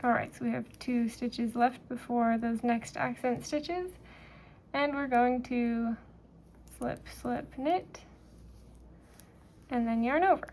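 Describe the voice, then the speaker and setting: Woman knitting instructor, slightly high voice, unhurried, faint background hiss. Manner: relaxed, talks while knitting, fillers and pauses. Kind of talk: step-by-step craft tutorial.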